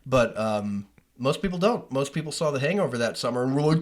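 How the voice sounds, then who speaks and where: A man's voice: mid-range voice, fast talker. A young adult man co-hosting a casual podcast, rambling and swearing freely as he talks through movies. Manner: rambling, profane, animated retelling of movie scenes. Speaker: podcast co-host. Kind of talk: casual chat.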